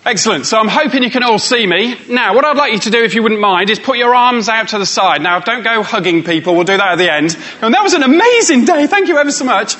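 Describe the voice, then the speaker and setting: A man's voice: very high-pitched, animated, fast talker, few pauses, sharp tone. Playful man leading a workshop. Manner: playful, teasing, coaxing the audience. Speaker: motivational speaker. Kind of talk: live workshop talk to an audience.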